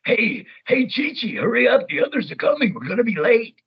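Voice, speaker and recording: A man's voice: extremely high pitch, big pitch swings, a little fast, vocal fry, slightly rough, dull audio, voice pushed up, heavily acted. A man doing a wheezy, asthmatic big cartoon king. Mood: hurried. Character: heavy wheezy ogre-like king, out of breath.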